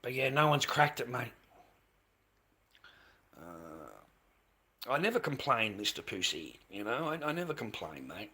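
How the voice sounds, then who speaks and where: A man's voice: medium pitch, expressive, normal speed, sharp tone, breathy edge. A middle-aged Australian man chatting casually on a livestream, rambling and repeating himself, calling viewers mate and swearing now and then. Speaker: livestreamer selling handmade masks.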